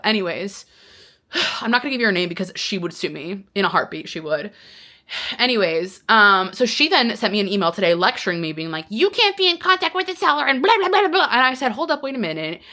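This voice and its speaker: Bright-voiced woman venting to camera. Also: mid-range voice. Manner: animated, exasperated storytelling. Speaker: vlogger. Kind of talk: casual talking-to-camera vlog.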